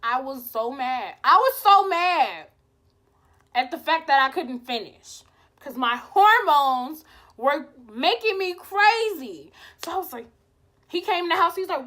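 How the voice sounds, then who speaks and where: A young woman vlogger telling a casual storytime, animated and profane, acting out her own lines. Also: high voice, a little slow.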